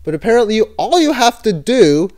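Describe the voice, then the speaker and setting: A man's voice: high-pitched, very animated, fairly quick, a little mellow. A man giving casual, hesitant commentary on cryptocurrency news, skeptical and sometimes sarcastic. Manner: hesitant, with fillers and self-corrections. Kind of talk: casual screen-share commentary.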